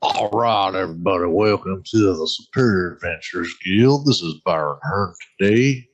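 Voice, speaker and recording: A cocky Louisiana rogue, put on by a man for a tabletop game, rambling and drawling without a care. His voice sits low and deep. He sounds pleased with himself. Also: expressive, moderate pace, highs cut off. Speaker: player. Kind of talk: in-character introduction.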